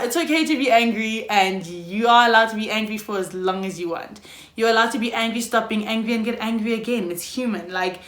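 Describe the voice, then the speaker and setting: A woman's voice: mid-range voice, a bit bright. A young South African woman with a South African accent, talking frankly in a personal vlog, swearing freely and laughing often. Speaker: YouTuber. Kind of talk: candid personal vlog monologue. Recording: roomy echo.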